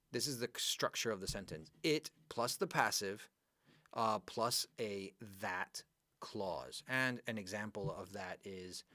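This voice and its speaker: A man teaching an online English grammar lesson, talking to students by name in a chatty, animated way. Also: on the low side, no echo, clean studio sound.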